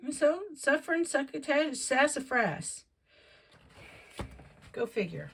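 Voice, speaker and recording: A woman's voice: high-pitched, very animated, slow, gravelly. A woman giving a casual tarot reading, chatting and thinking aloud as she goes. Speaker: tarot reader.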